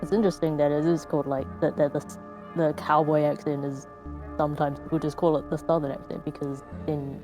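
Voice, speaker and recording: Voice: mid-range voice, little pitch movement, a little fast, music in the background, rough recording. A co-streamer in casual live chat, talking in a rambling way with lots of hedging. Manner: rambling, laughs often, hedging.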